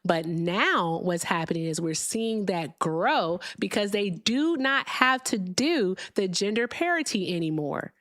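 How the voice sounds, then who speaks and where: A woman's voice: medium pitch, lively intonation, measured pace, few pauses, fairly bright tone, no echo, studio quality. A woman hosting a live political call-in show, lecturing callers bluntly and punctuating points with "all right?". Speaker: host.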